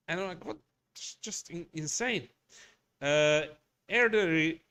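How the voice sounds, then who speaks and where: In his workshop, a Hungarian man with a Hungarian accent hosts a craft shop livestream, chatting bluntly and ranting casually. His voice is a little high, pushed and bright, and he swears a lot while rambling with many restarts.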